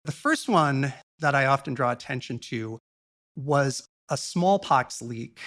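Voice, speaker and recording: Man, podcast guest, gravelly creaky voice, measured earnest explaining, blunt asides. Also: medium pitch, animated, fairly bright tone. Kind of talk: explanatory monologue in conversation.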